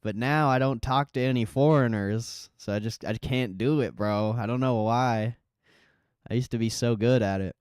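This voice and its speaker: A man hosting a live stream, chatting casually and reading out viewer comments, relaxed and profane. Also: medium pitch, moderate pace, smooth, no echo, clean studio sound. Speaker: livestream host.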